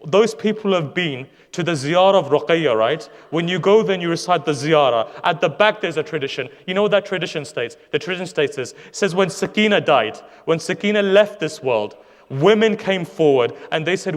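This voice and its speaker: A man's voice: a little high, lively intonation, a little fast. A man preaching a mourning sermon, telling a story with passion and drama and quoting its figures' words. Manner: impassioned storytelling, dramatic retelling with quoted speech. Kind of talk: Muharram majlis sermon. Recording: long hall reverb.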